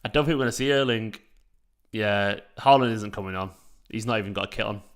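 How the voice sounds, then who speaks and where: A man hosts a live football watchalong in a relaxed, sweary chat style, replying to viewers by name. His voice sits fairly low and carries a gravelly rasp. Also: quick pace. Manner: casual and sweary, reading out chat messages. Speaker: fan channel host.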